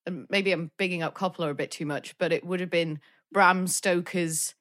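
A woman's voice: on the low side, fairly even intonation, moderate pace, fairly bright tone. A British woman co-hosting a podcast, chatting about films with lots of fillers and acted-out quotes. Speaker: podcast co-host. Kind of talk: casual film discussion.

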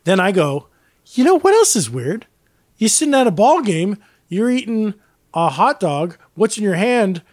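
Podcast co-host, male, chatty storyteller, lots of fillers, slightly high voice. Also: moderate pace, no room sound, studio quality. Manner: rambling, animated storytelling with many fillers. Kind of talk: casual chat.

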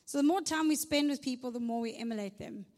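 A woman preaching in a large church hall, her somewhat high voice carrying a long reverb tail. She talks to the room in a chatty, conversational way, punctuating points with "right?" and dropping in humorous asides. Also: fast, darkish tone. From South Africa. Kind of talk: conversational sermon.

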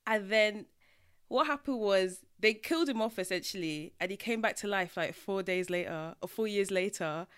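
A woman co-hosting a podcast, chatting casually with expressive retelling and frequent laughs. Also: mid-range voice, normal speed, smooth. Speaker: podcast co-host. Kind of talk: casual chat.

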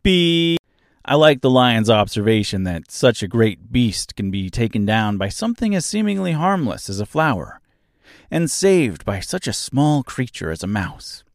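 A man's voice: on the low side, sing-song, moderate pace, no echo, studio quality. A man hosting an audiobook podcast, giving wry, self-deprecating commentary.

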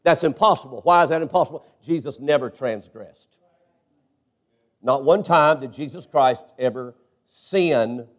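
A man's voice: mid-range voice, a little slow. A male pastor preaching a sermon, punctuating points with frequent amens and questions to the congregation.

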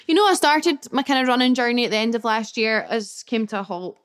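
A young woman hosting her own podcast from her flat, chatting candidly, swearing casually, and reacting to listener comments she reads aloud. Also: on the high side, fairly quick, hardly any pauses, clean tone. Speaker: podcast host. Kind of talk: casual solo podcast chat.

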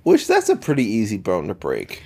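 A man's voice: on the low side, wildly swooping pitch, normal speed, gravelly, darkish tone, breathy edge. A man co-hosting a podcast, reacting in a blunt, sweary way during casual chat. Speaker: podcast co-host.

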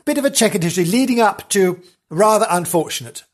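A man hosts a podcast and tells the story with theatrical gusto, piling on exclamations and jokes. His voice sits fairly high and swoops widely, with a slightly husky edge. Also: expressive, fast talker. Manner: theatrical and gushing, with big exclamations and self-aware jokes. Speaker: podcast host. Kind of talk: chatty comic storytelling.

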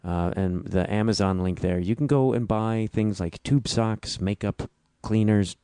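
A man with a Midwestern Chicago accent speaks low and deep into a podcast mic. The room sounds completely dry. He talks slowly and thoughtfully, often stopping to restart a sentence. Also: warm tone, smooth, no room sound. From Midwestern United States. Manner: halting and reflective, with frequent restarts. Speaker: podcast host. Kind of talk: casual solo podcast intro.

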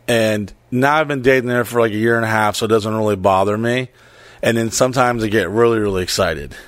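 A man's voice: on the low side, fairly quick, dry recording. A man telling a story in casual podcast chat, rambling, swearing freely and laughing as he goes.

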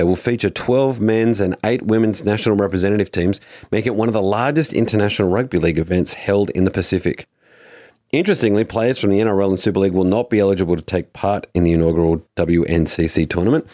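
Guy doing a jokey footy news roundup, lowish voice, dry sound. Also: a little mellow, no echo. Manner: playful, jokey asides. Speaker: podcast host.

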